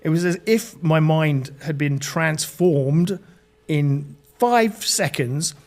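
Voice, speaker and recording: British male guest, middle-aged, slightly higher voice, earnest testimony with stumbles. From Britain. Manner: earnest storytelling, halting restarts. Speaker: podcast guest. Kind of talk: personal testimony in an interview.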